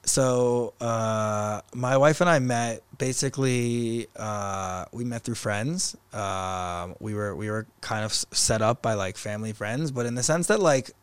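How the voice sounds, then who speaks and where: A man's voice: fairly low pitch, a little slow, few pauses, clear, resonant tone, dry recording. A young man guesting on a podcast, chatting casually in a rambling way, full of fillers and restarts. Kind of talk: casual conversation.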